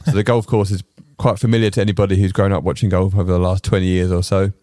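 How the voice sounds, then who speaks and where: A man's voice: low voice, little pitch movement, fast, mellow, no echo, clean studio sound. A man hosting a casual golf podcast, chatty and rambling with lots of fillers. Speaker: podcast host.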